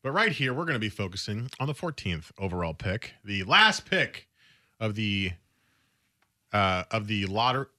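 A man's voice: fairly low pitch, very animated, moderate pace, sharp tone. A man co-hosting a sports radio show, talking in a casual, emphatic and opinionated way.

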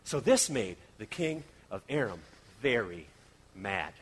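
A man presenting a comic Bible story skit for a church, animated and joking as he tells it. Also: fairly low pitch, takes it slowly, husky.

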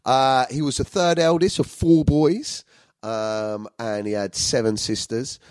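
A man hosting his own podcast, talking in a crude, loud, jokey way that keeps breaking into laughter and shouts. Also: mid-range voice, steady tone, unhurried, clean tone, dry recording. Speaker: podcast host. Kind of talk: comedic solo podcast chat.

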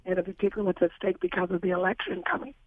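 A woman guest on a radio show, hoarse from losing her voice, talking in an earnest, lively way. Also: on the low side, rapid-fire, dry recording. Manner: earnest and lively, laughs easily. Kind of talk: radio interview by phone. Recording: tinny phone line.

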